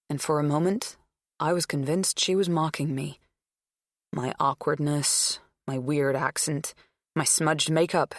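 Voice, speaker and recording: A woman reading a first-person thriller audiobook in a measured, steady way. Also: deep voice, no echo, studio quality. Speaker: audiobook narrator.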